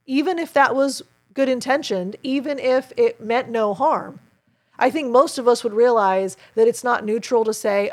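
A woman's voice: on the high side, moderate pace. A woman who works as a child play therapist and hosts a podcast, earnestly explaining her approach in an advice segment and encouraging her listeners.

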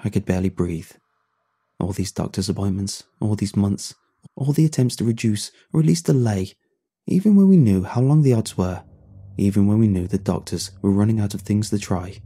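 A man narrating a first-person horror story in a hushed, tense and grief-laden way. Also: lowish voice, moderate pace, breathy edge. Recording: soft music underneath.

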